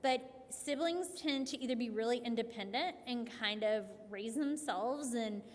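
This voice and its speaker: A woman clinician giving a conversational workshop talk to families, telling stories in a lively way with frequent restarts. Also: fairly high pitch, normal speed. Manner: conversational, animated storytelling with many restarts and "like". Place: event hall. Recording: long hall reverb.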